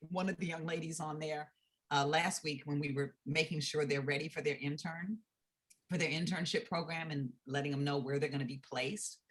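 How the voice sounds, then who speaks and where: A woman's voice: sits low, steady tone, normal speed. A woman who founded a youth program, talking earnestly in an interview and telling stories. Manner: earnest, storytelling with quoted speech. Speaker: nonprofit founder. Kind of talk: conversational interview talk.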